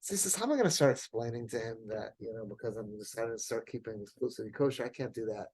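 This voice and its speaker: A man, a rabbi telling a story in a sermon, animated and at times rising to near-shouting. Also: medium pitch, racing, slightly rough, poor audio.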